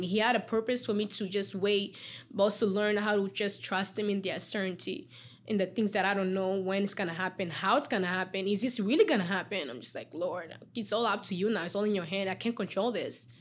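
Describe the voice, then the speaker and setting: A woman's voice: medium pitch, brisk. A young woman, a former student, telling an emotional personal story in a casual interview. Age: young adult. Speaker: alumna guest.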